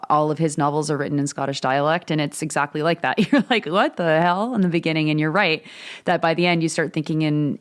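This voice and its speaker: A woman's voice: deep voice, clear, resonant tone. A woman co-hosting a podcast, talking in a thoughtful, musing way with long reflective sentences. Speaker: podcast co-host. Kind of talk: casual conversational podcast chat.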